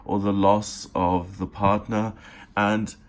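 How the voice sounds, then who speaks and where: A man giving a daily tarot reading, speaking straight to the listener in an earnest, encouraging way, unhurried, with pauses and fillers. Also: lowish voice, level tone. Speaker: tarot reader.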